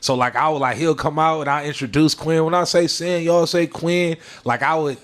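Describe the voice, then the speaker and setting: A man from San Francisco talks casually on a podcast, easygoing and full of slang. His voice sits a little high for a man. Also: fairly even intonation, normal speed. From San Francisco, California. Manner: laid-back, slangy storytelling. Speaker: guest, mixtape host and former hype man.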